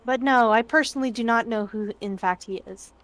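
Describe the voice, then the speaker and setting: A woman's voice: fairly high pitch, brisk. A woman playing in a tabletop game, describing her character's moves in a dry, matter-of-fact way. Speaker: player. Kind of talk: casual chat.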